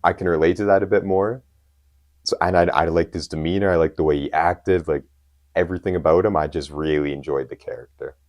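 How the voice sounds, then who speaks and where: A man's voice: sits low, steady tone, brisk, darkish tone. A young man co-hosting a podcast, talking casually and emphatically as an enthusiastic fan. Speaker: podcast co-host. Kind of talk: casual chat.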